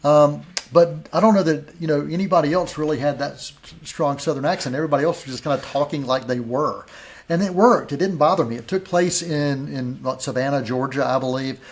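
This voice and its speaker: A man's voice: a little high, brisk. A middle-aged man hosting a film review show, speaking casually with frequent restarts. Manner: stammering restarts, conversational. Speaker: film critic host.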